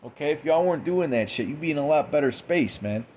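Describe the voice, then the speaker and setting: A man's voice: on the high side, expressive, quick pace, darkish tone, a little hiss or hum. A man giving a profane, mocking late-night commentary monologue, quoting scripture in a preachy way. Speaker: commentary host.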